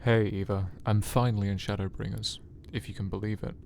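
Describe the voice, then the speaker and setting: A man's voice: on the low side, flat delivery, a little fast, darkish tone, a little hiss or hum. A man in his twenties streaming a game, chatting casually and joking with his chat in a self-mocking way. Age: 20s. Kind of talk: casual live-stream chat while playing.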